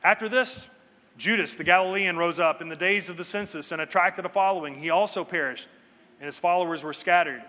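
A pastor preaching a sermon with earnest emphasis and dramatic pauses, slowing down to stress key points. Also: male voice, high voice, pushed and bright, big-room sound.

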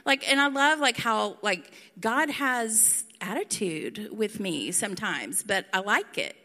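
Middle-aged woman preaching, bright forceful voice, laid-back and jokey, long echo from a big hall. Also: mid-range voice, animated, unhurried. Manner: casual, chatty, with playful asides and laughter. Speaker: pastor. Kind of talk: sermon. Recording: reverberant hall.

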